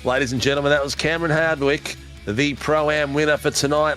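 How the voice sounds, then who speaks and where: A man's voice: on the high side, steady tone, a little fast, hardly any pauses, fairly bright tone, faint music behind. An Australian man hosting post-race interviews on a sim racing broadcast, joking and laughing with matey banter.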